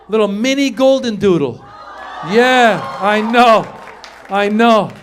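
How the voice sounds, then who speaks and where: A man in his forties, originally from Iran, works a stand-up crowd with a high, bright voice. He delivers his punchlines in bursts of loud shouting. He speaks into a handheld mic on a comedy stage. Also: slow pace, big-room sound, a little hiss or hum. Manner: animated, loud punchlines with shouted quoted lines. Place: comedy stage before a live audience.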